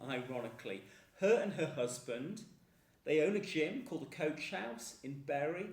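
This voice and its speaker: An enthusiastic Northern English man chats to camera about food in a casual vlog. His voice bounces around with lively ups and downs. He stands back from the mic in an echoey room. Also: on the high side, distant mic. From England. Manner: chatty, enthusiastic, expressive. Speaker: food vlogger.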